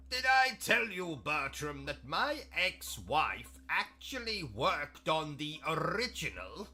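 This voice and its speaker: A man with a British accent hosting a gaming livestream, delivering pompous, insulting, deadpan absurd comedy. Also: fairly high pitch. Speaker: gaming streamer host. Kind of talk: comedic in-character livestream monologue.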